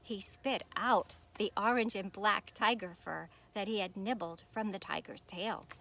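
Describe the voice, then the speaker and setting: A teacher reads a children's picture book aloud with expressive, animated delivery. She has a mid-range voice with vocal fry and reads a little slowly.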